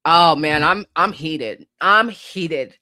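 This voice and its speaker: A woman's voice: deep voice, lively intonation, drawn-out words, sharp tone, no room sound, clean studio sound. A woman hosting a podcast, ranting about politics in a heated, profane way and sometimes laughing at herself. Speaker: podcast host.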